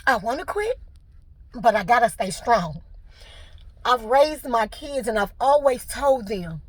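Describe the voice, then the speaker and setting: A woman's voice: on the high side, very animated, a little slow, long pauses, dry recording. A middle-aged woman, venting to camera with emotion and fighting back tears. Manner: tearful, fighting back crying. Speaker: vlogger.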